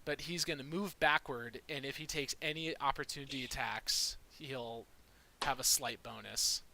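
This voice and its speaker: A man's voice: medium pitch, normal speed, vocal fry, noisy background. A man playing a tabletop game, talking casually and eagerly, using slang as he describes his character's moves.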